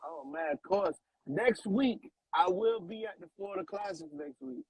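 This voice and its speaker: A man's voice: high voice, expressive, normal speed, gravelly, breathy edge, no room sound, poor audio. A man, a guest artist on a radio show, talking in a laid-back, slangy way and often repeating himself. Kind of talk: casual radio interview chat.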